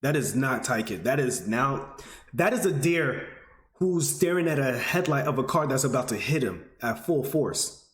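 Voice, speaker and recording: A man's voice: expressive, normal speed, echoey room. A man in his twenties, telling a personal story to his audience in an earnest, emotional way. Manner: earnest, emotional, rising pitch when stirred. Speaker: vlogger.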